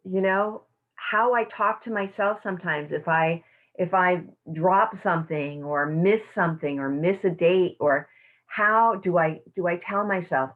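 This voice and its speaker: A woman teaching a self-care class, speaking in a soft, slow, affirming way over a video call. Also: fairly low pitch. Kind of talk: guided meditation and teaching. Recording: tinny phone-like audio.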